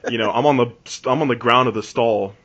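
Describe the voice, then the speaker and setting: A man's voice: mid-range voice, quick pace, fairly bright tone, a little hiss or hum. Rambling man on a lo-fi podcast. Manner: rambling, full of "like" and restarts. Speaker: podcast host. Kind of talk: casual storytelling. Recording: dull lo-fi podcast recording.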